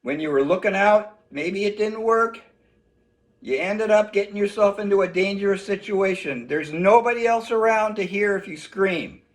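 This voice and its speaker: A man teaching a children's self-defense lesson in an animated way, acting out shouts for the kids. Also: high-pitched, moderate pace.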